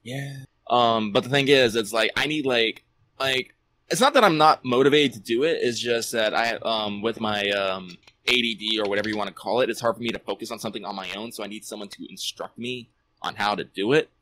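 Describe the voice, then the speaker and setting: A man in his thirties chatting on a podcast in a somewhat low voice. He rambles and pokes fun at himself, dropping the odd swear word. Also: fairly quick, fairly bright tone. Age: 30s. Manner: self-deprecating, rambling, swears casually. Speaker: podcast co-host. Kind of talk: casual chat.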